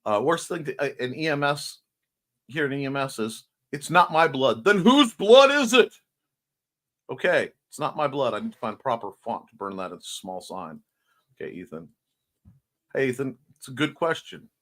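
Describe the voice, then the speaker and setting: A man's voice: mid-range voice, animated, normal speed, fairly bright tone. A man hosting a casual livestream morning show, chatting playfully as he reads out and answers viewer comments. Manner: chatty and playful, jumping between topics.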